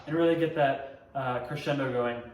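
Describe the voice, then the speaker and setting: A man's voice: mid-range voice, normal speed. A young man casually teaching drumline parts step by step, scatting rhythms as he explains. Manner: relaxed, explains step by step, scats drum rhythms. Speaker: drumline instructor. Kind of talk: casual instructional tutorial. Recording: echoey room, mic at a distance, loud noise.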